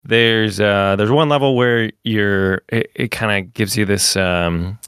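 A man talks through a game review in a relaxed podcast chat, with a fairly low, smooth voice. His sound is dry and close. He fills his pauses with plenty of "uh" and "like.". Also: no echo. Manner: loose, filler-heavy, "uh" between phrases.

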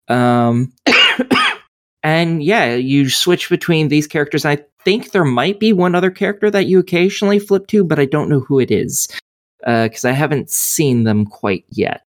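A man reviewing a horror game in casual podcast chat, rambling and sarcastic, swearing often. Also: on the high side.

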